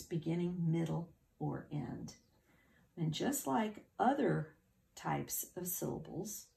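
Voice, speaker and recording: A woman's voice: lowish voice, vocal fry, mellow. A woman teacher giving a patient, encouraging phonics lesson to children, spelling words out letter by letter.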